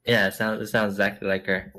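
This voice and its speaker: A man's voice: fairly low pitch, little pitch movement, fast, pushed and bright. A man co-hosting a casual podcast, joking and laughing often. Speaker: podcast co-host. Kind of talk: casual chat.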